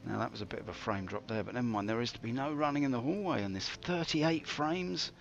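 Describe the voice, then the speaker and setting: A man streaming a game, telling theatrical, jokey stories with big swings in pitch. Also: fast, creaky, dull audio, slight background noise. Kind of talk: rambling live-stream commentary.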